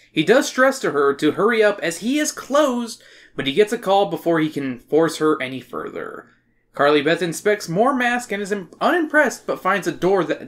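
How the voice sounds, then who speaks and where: Podcast host: woman, animated swinging delivery, jokey profane book recap. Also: lowish voice. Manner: animated, swearing, joking recap. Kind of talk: casual chat, summarizing a book.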